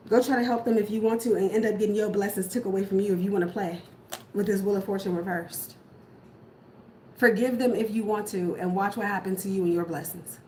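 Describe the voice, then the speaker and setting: Firm warnings come again and again from this tarot reader as she works through a laid-back reading. Her voice is mid-range with a darkish color, recorded in an echoey space where some faint noise lingers in the background.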